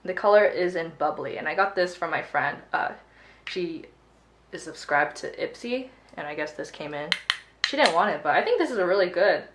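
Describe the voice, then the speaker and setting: A woman's voice: fairly low pitch, expressive, moderate pace, reverberant, a little hiss or hum. A young woman chatting casually while doing her makeup, telling a story with plenty of swearing. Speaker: beauty vlogger. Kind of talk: casual get-ready-with-me chat.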